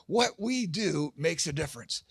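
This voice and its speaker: Animated middle-aged man telling stories. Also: fairly high pitch, a little slow, creaky, husky, no echo. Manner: animated storyteller acting out quoted voices. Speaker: Christian comedian and pastor. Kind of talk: storytelling speech at a fundraising gala.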